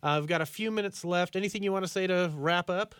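A man hosting a podcast, chatting casually with fillers and deadpan jokes. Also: high voice, fast talker, clear, resonant tone, dry recording. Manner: joking deadpan, rambling with fillers. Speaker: podcast host.

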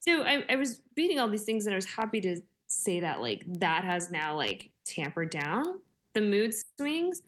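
A woman in her forties chats casually, telling stories with plenty of fillers and laughter. Her mid-range voice is sing-song and a bit bright, at a moderate pace.

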